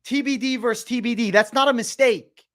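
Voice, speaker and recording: An agitated young man on a livestream, talking in a high voice. He keeps repeating himself and swears a lot, calling his viewers bro. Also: a little fast. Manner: excited, repetitive, swearing, addresses viewers as bro. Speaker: livestream host. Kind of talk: livestream commentary.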